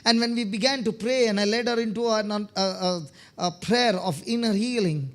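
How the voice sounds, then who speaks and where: A man's voice: high voice, normal speed, fairly bright tone. A man preaching a sermon, telling testimony stories, often checking in with his listeners and repeating words as he starts phrases.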